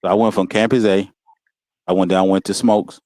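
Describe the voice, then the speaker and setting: A man telling stories about his school days in a relaxed, casual way, often laughing and saying "you know what I'm saying". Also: low voice, a little fast, dry recording. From Walterboro, South Carolina. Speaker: guest. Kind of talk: casual storytelling. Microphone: video call.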